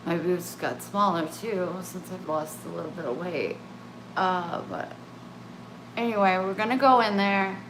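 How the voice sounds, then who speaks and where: A woman's voice: on the low side, a little slow, a bit bright, slight background noise. A woman vlogging in casual, rambling chat to camera, often breaking off and restarting, candid about herself. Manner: meandering, self-interrupting, candid. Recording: echoey room with faint ambience.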